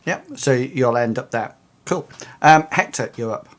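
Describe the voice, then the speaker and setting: Game master, tabletop game, hesitant, full of ums, mid-pitched voice. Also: a little slow. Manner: hesitant, many ums and restarts.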